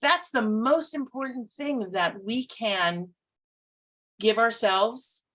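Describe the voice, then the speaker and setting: Woman, psychic and podcast co-host; casual chat, animated, laughs a lot, salty language. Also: a little high, slow, rough recording. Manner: animated and expressive, laughs often, swears casually.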